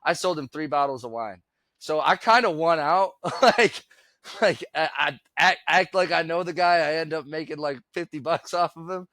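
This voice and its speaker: A man's voice: a little high, moderate pace, pushed and bright, no echo, clean studio sound. A middle-aged man, co-hosting a podcast, tells a rambling story in casual chat and acts out both sides of the conversation. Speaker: podcast co-host.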